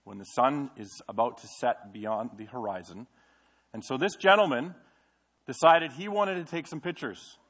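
A man's voice: medium pitch, moderate pace, fairly bright tone. A middle-aged male pastor preaching a sermon in a church, in a conversational way, asking the congregation questions. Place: church sanctuary.

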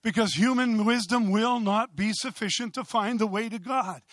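Loud impassioned high-voiced preacher man. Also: normal speed, no echo. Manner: impassioned, rising to loud exclamations. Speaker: pastor. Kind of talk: sermon.

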